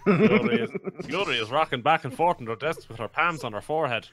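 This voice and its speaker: Bright-voiced man reading game narration. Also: fairly high pitch, sing-song, quick pace. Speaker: streamer narrating a visual novel. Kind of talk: reading narration aloud on a stream.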